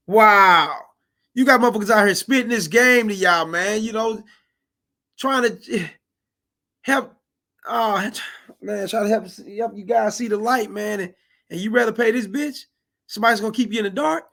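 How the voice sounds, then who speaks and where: A man's voice: high voice, moderate pace, vocal fry, long pauses, pushed and bright. A man giving casual reaction commentary, profane and exclamatory, talking to viewers as fellas.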